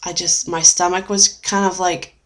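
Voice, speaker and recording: A woman's voice: on the low side, level tone, normal speed. A young woman vlogger telling a personal story in a chatty way, with many fillers and restarts. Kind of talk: casual storytelling vlog.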